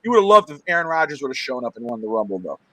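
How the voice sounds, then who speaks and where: Excited man telling a wrestling story. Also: medium pitch, rapid-fire, no room sound. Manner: excited storyteller, many fillers. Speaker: sports talk show co-host. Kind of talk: casual sports chat on a live stream.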